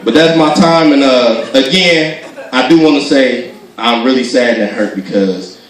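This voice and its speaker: A man doing stand-up storytelling, animated and acting out voices as he laughs through his jokes. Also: mid-range voice, measured pace. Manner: animated, acts out voices, laughs while telling. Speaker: stand-up comedian. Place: gospel comedy show venue. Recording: echoey hall from far off.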